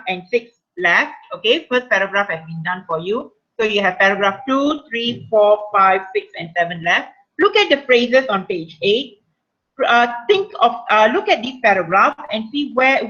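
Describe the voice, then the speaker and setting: A woman teacher with a Malaysian English accent runs an online writing workshop. Her voice is bright and sits a little high. She keeps checking in with "okay" while reading example sentences, and the call audio sounds slightly muffled. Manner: frequent "okay" check-ins, reads example sentences aloud.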